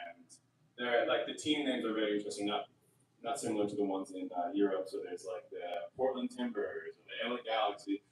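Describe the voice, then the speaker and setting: A man's voice: medium pitch, fairly bright tone. Male stand-up comedian, rambling offhand delivery, echoey room, off-mic sound. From United States. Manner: rambling and offhand, with frequent fillers and laughs at his own jokes. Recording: roomy venue heard from a distance.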